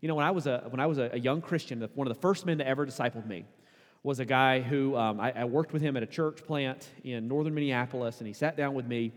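A man preaching a sermon as pastor, conversational and casual, building to emphatic, louder peaks. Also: medium pitch, quick pace. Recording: long hall reverb.

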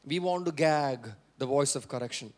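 A man's voice: mid-range voice, normal speed. A male pastor preaching a sermon, repeating key phrases for emphasis and prompting the congregation to answer.

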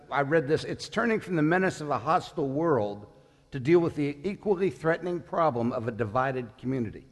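A man's voice: medium pitch, in a large hall. A man in his sixties preaching a sermon as pastor, conversational, putting questions to the congregation. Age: 60s.

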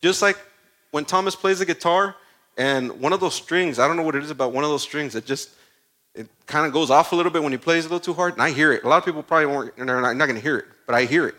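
A man preaching a sermon in a conversational, animated way, full of asides and stories. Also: fairly high pitch, quick pace.

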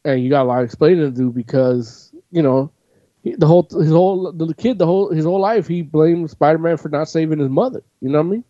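A man's voice: on the high side, fast talker, warm tone, dry recording. A man hosting a casual chat, rambling and swearing freely, with "like" in nearly every phrase. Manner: rambling, profane, full of "like". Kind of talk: casual chat, recapping a comic. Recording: dull lo-fi audio.

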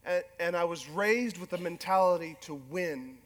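A middle-aged man with a strikingly high voice delivers a sermon. He is animated and quick to poke fun at himself. His words echo with a long reverb through a large church hall. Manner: animated, self-deprecating humor, acts out quoted spouses. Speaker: pastor.

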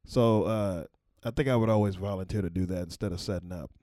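A man's voice: low voice, a little fast, dark tone, dry recording, clean studio sound. Rambling man telling a casual story. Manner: loose, rambling, profane, laughing asides. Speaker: former White House camera operator.

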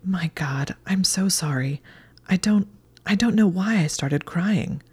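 An earnest, anxious young witch talks in a breathy near-whisper, in whispered role-play that a woman reads out. The tone is dark and mellow. It sounds like a storybook reading. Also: mid-range voice, measured pace, pitched above the performer's own voice. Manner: soft, breathy half-whisper.

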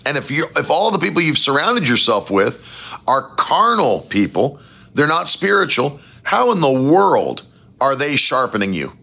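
A man preaching a sermon as pastor, with animated, emphatic rising phrases and a gravelly voice. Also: a little high, measured pace.

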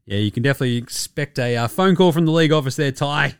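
A man's voice: mid-range voice, fast talker, hardly any pauses, clean tone, no room sound, studio quality. A young man hosting a casual solo sports podcast, rambling and joking with plenty of swearing. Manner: rambling, profane, jokey. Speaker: podcast host.

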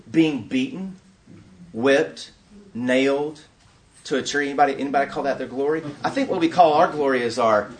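High-pitched guy teaching a conference room, keeps firing questions at the crowd. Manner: quizzes the audience, animated. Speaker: workshop teacher. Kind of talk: interactive teaching session.

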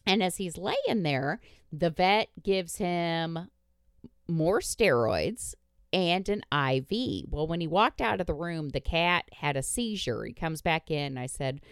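A woman's voice: on the low side, lively intonation, slow pace, smooth, no echo, studio quality. A woman hosting a podcast, telling a story in a blunt casual chat, swearing freely and laughing along. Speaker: podcast host.

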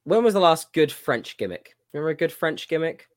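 A man's voice: on the high side, brisk, no echo, studio quality. A man co-hosting a casual wrestling chat livestream, rambling with many restarts. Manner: rambling, restarts, animated impressions. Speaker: podcast co-host.

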